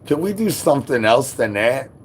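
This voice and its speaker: A man hosting a live stream, talking to chat in rapid rhyming nonsense banter. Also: mid-range voice, big pitch swings, slight background noise. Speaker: livestream host.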